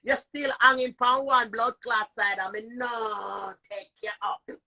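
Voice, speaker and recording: A middle-aged woman with a Jamaican accent, ranting on a live stream, cursing, shouting and repeating taunts. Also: fairly high pitch, fairly even intonation, a little slow, gravelly. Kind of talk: heated live-stream rant. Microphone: phone.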